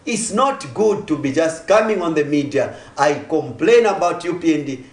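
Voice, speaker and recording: A man, a political guest on a TV talk show, making forceful, rhetorical points and repeating key phrases. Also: on the high side, lively intonation, normal speed, roomy sound. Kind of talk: studio talk-show argument. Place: TV studio.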